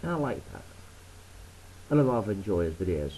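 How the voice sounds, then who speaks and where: A man's voice: sits low, very animated, fairly quick, warm tone, a little hiss or hum, low-quality recording. An English man with an English accent, rambling in a blunt, sweary and sarcastic vlog monologue. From England. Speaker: vlogger.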